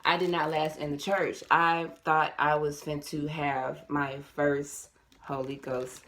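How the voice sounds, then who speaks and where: A woman's voice: low-pitched, little pitch movement, slow. A young woman tells a personal story straight to her viewers. She talks casually and animatedly, repeats her lines and calls the audience y'all. A faint hiss sits under the recording. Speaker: vlogger.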